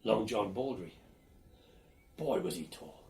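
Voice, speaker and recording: An older man being interviewed for an oral history, telling lively, blunt stories about his student days. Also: on the low side, takes it slowly, gravelly. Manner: lively storyteller, animated and blunt, swears casually.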